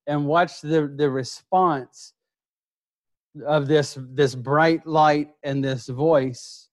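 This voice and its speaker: A middle-aged man preaches with slow, deliberate weight. He leans on repeated key words and drops his voice low and quiet for quoted lines. His pitch sits a little high for a man. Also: steady tone. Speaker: pastor. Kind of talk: sermon.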